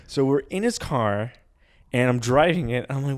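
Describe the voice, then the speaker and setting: Animated podcast storyteller, a man. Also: fairly high pitch, moderate pace. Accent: Canadian. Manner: animated storyteller, acts out voices loudly, stammers and restarts. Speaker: podcast co-host. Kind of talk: casual comedy podcast storytelling.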